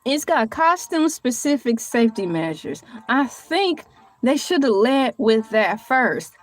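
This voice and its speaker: In a casual solo vlog, a woman reads aloud and jokes with viewers in a playful, theatrical way, laughing often and calling them "y'all." Her colloquial voice is on the high side, very animated and unhurried. There's a little hiss or hum in the audio.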